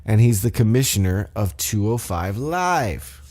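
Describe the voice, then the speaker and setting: Mellow, rambling man recapping wrestling. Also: on the low side, lively intonation, measured pace. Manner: rambling, profane, self-correcting. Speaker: podcast host. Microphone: desk microphone.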